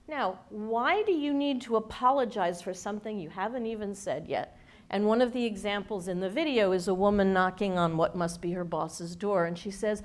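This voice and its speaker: A woman speaks at a workshop with a live audience. Her voice sits at a middle pitch, and her delivery is playful and lively as she quizzes the room. She acts out speech habits with her own voice to show what she means. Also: normal speed. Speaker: communications expert and speaker.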